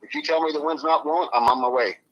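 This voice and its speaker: A man's voice: on the high side, fast talker, fairly bright tone, muffled recording. A man speaking as an interview guest, blunt and swearing freely, his voice rising when he gets upset. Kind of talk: emotional interview on a live stream.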